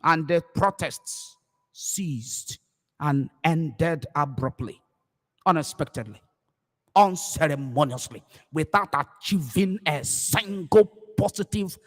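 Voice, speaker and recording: Impassioned high-voiced Nigerian preacher. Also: male voice, slow pace, in a large hall. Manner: impassioned, repetitive, swinging between shouts and low murmurs. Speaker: pastor. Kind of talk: live preaching broadcast.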